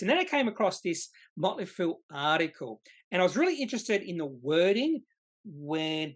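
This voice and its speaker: A presenter of an investing channel explains a topic from slides, stressing key words and sometimes correcting himself mid-sentence. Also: mid-range voice. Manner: emphatic, repeats key words, occasional self-corrections. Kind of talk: slide-based explainer lesson.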